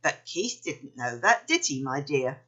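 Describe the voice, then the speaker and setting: A woman's voice: deep voice, very animated, a little slow, a bit bright, husky, highs cut off, voice pushed down, heavily acted. A woman voicing a dry, knowing male doctor who speaks in clipped phrases in a storybook reading. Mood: wry. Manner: clipped, wry.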